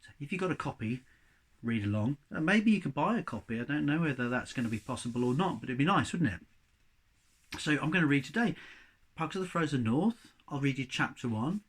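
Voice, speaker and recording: A man reading a children's novel aloud to young pupils, with a chatty, expressive manner. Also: fairly high pitch, fairly quick, slightly rough.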